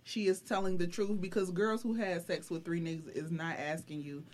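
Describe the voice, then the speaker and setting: A woman guest on a podcast, talking in blunt, loud, wisecracking casual chat. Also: on the low side, steady tone, moderate pace.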